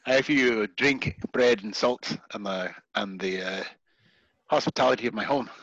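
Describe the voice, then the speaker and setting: A man doing a blunt gruff chieftain, Darrow. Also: on the low side, moderate pace, fairly bright tone, dry recording, highs cut off. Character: burly gap-toothed male chieftain, blunt and gruff host.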